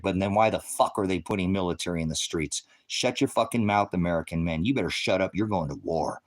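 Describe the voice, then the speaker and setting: A man's voice: sits low, fairly quick, few pauses. Heated, profane middle-aged man ranting. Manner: lectures the viewers and the chat directly. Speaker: livestream host. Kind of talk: livestream rant.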